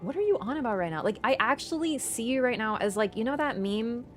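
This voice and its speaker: Lively, animated woman streamer. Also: a little high, fairly quick, faint music behind. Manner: animated and chatty, teasing viewers, swears casually. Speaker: livestreamer. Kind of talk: casual livestream chat.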